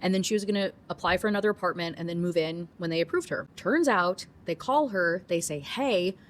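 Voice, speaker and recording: A woman's voice: on the low side, fast talker. Young woman rambling thru a book recap, lots of "like", super casual. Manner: chatty, full of "like" and asides. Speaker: book reviewer. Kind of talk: casual book review rant.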